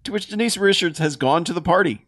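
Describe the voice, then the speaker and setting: A man's voice: high-pitched, fast talker, a bit bright, dry recording, studio quality. A man in casual chat, wryly filling in plot details and dipping into character voices. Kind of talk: casual movie recap chat.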